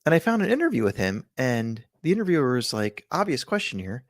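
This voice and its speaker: A man's voice: mid-range voice, big pitch swings, quick pace, few pauses, no echo, studio quality. A man co-hosting a podcast in casual chat, telling stories in a rambling, jokey way. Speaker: podcast co-host.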